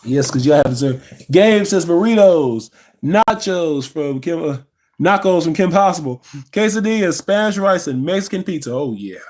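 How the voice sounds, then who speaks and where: A man's voice: a little high, lively intonation, normal speed, a little mellow. A young man, hosting a casual livestream, chatting loosely, reading the chat aloud and yawning now and then. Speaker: livestream host.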